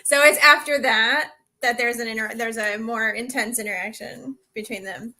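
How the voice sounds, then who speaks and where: A woman author reads a passage from her own novel aloud, steadily, fixing a word here and there as she goes. Her voice is fairly high and clearly bright. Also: fairly even intonation, normal speed, slight background noise. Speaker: guest author.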